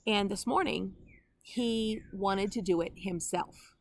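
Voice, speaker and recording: Slow, earnest grandmotherly Bible teacher woman. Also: mid-range voice, vocal fry. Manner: earnest and conversational, with personal asides. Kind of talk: online Bible teaching to camera.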